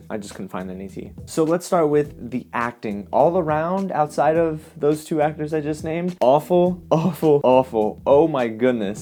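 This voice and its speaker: A man giving a casual, expressive movie review as host, often exasperated. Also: mid-range voice.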